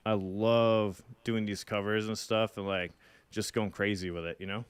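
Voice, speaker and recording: A man's voice: lowish voice, steady tone, normal speed, clear, resonant tone, no echo. A young man co-hosting a podcast, rambling casually and swearing now and then. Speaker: podcast co-host and musician. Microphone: phone.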